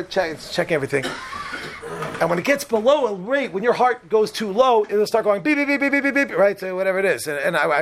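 A man telling a comic personal story in an animated way, acting out the other people in it. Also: on the high side, slight background noise.

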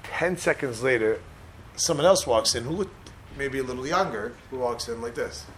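A man's voice: mid-range voice, moderate pace, a bit bright, a little hiss or hum. A man giving an informal Torah class in a joking, chatty way, often putting questions to his listeners. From Israel. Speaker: rabbi teaching a class.

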